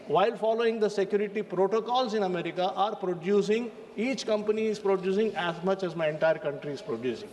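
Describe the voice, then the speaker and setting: A man's voice: high-pitched, quick pace, few pauses, a little mellow. A man from India giving a formal speech in a parliamentary debate, addressing the chair. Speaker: member of parliament. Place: debating chamber. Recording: parliament chamber with long reverb.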